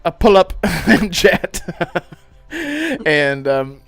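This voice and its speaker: A woman hosting a podcast in casual chat, talking playfully with a slow, drawn-out delivery. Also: on the low side, sing-song, creaky, no room sound, faint music behind.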